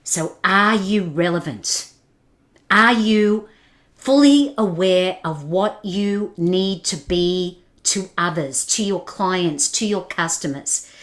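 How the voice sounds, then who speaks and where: A woman's voice: on the low side, slow pace, fairly bright tone. A woman giving a motivational webinar talk, putting questions and challenges straight to her audience and laughing along with their comments. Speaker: keynote speaker.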